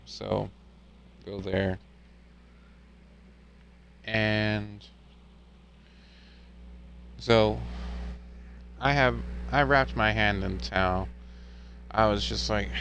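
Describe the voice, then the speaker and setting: Young male streamer, casual rambling storyteller, slow delivery with a faint hum in the background. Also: deep voice, vocal fry, fairly bright tone. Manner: rambling, laid-back retelling.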